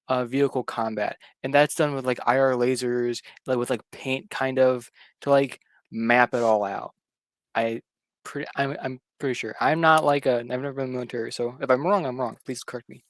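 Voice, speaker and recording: A man's voice: mid-range voice, no echo, studio quality. Rambling, hedging young-sounding man. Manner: rambling, hedging, many fillers. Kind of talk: casual political chat.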